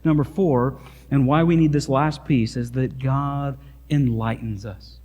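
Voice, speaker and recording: A man's voice: mid-range voice, measured pace. Missouri-accented man preaching in a reverberant church. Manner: earnest preaching, turning lively and emphatic in asides. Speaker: pastor. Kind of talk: sermon. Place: church sanctuary.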